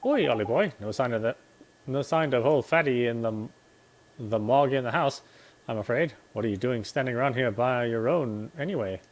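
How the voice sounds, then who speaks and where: A man's voice: medium pitch, moderate pace, slight background noise, lightly acted. An actor playing a cheeky, bossy male sidekick in a video game, talking in brash, slangy scolds. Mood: teasing.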